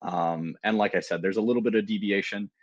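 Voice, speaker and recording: A man's voice: on the low side, fairly even intonation, a little fast, no room sound, lo-fi sound. A man presenting a security tool in a live technical demo, talking casually with fillers and restarts.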